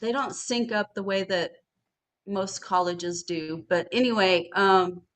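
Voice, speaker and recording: Panelist, woman, bright tone, blunt casual talker with frequent cursing. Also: medium pitch, slow pace. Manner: blunt and swears freely, frustrated storytelling. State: studying for a master's degree. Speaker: podcast panelist. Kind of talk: casual chat.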